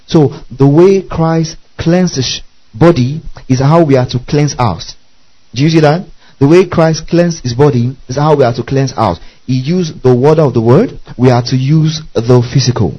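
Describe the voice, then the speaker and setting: A male preacher teaching from scripture in a mellow, relaxed voice. He spells out Greek words letter by letter and keeps checking that his listeners follow. The recording sounds a little dull and muffled. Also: mid-range voice. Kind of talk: Bible teaching sermon.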